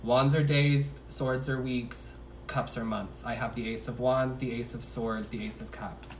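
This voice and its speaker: A man's voice: medium pitch, fairly even intonation, a little slow, distant mic, a little hiss or hum. A man giving a casual tarot reading on a livestream, chatty and slangy, joking at his own asides. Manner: chatty, slangy, laughs at himself. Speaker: tarot reader. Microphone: phone on livestream.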